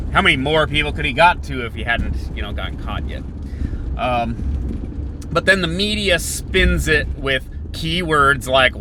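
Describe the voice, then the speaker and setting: A man's voice: medium pitch, pushed and bright. A man hosting a podcast, talking in a rambling, digressive monologue with many restarts while in a car in city traffic. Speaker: podcast host.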